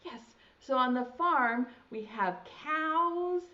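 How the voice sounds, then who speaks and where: A woman's voice: high-pitched, lively intonation, takes it slowly, bright, forceful tone, dull audio. A young woman teaching a virtual preschool lesson, talking to small children in a sing-song, encouraging way and stretching out sounds.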